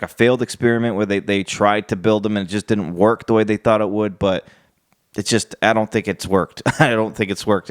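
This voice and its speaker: Man, low voice, smooth and clear, casual rambling recap, dry close mic. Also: no room sound. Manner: rambling, repeats words, quotes wrestlers in paraphrase. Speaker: wrestling show reviewer. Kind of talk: casual solo review.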